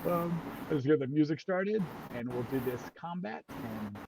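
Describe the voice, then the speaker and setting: Gravelly-voiced man running a tabletop game. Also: on the high side, lively intonation, unhurried, background noise. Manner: rambling, hesitant with many fillers. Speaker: game master.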